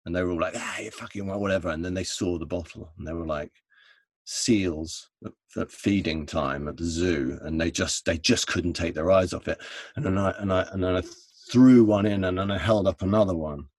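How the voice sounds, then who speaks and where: A middle-aged man telling an anecdote in conversation, animated, with restarts and laughs. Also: deep voice, moderate pace, dry recording. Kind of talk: conversational storytelling.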